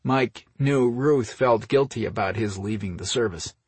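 A male audiobook narrator reading in a steady, even storytelling manner. His voice is low and husky. It is recorded dry and close, with no room sound. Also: measured pace, no echo. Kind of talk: scripted narration.

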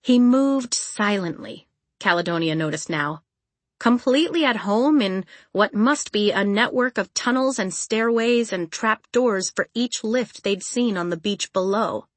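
A woman reads an audiobook in an even, measured storytelling manner. Her voice sits at a middling pitch. The recording is dry and close, with no room sound. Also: no echo. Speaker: audiobook narrator. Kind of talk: scripted narration.

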